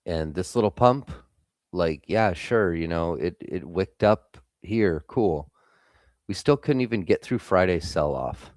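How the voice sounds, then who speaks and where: A man's voice: deep voice, animated, measured pace, darkish tone, no echo, clean studio sound. A young man hosting a live trading stream, giving blunt, casual market commentary and swearing freely.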